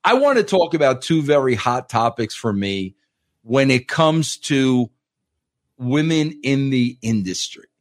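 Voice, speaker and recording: A man's voice: medium pitch, very animated, unhurried. A man hosting an interview, enthusiastic and full of stammering restarts. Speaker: interview host. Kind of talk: casual interview chat.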